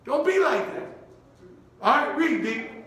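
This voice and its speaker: A high-pitched man preaches with a bright, unhurried delivery, leaning on short repeated commands and call-and-response with his congregation. His voice rings through a very echoey church room. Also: animated. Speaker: bishop preaching. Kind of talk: sermon. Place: church sanctuary.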